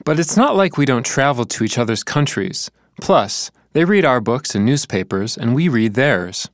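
A man acting as the learner in a scripted lesson dialogue, answering in a relaxed way with hesitations. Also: mid-range voice, normal speed, dry recording, studio quality. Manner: relaxed, thinks aloud with hesitations.

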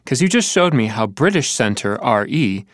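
A man acting as the learner in a scripted lesson dialogue, answering in a relaxed way with hesitations. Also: mid-range voice, moderate pace, no echo, clean studio sound. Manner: relaxed, thinks aloud with hesitations.

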